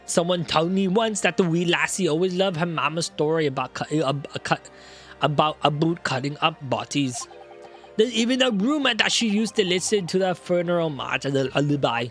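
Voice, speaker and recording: A man voicing a gruff, evasive older Scottish man in a put-on Scottish accent, reading a game character aloud with a lively voice. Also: fairly high pitch, normal speed, soft background music. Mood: explaining. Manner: brusque, dismissive, broad dialect words.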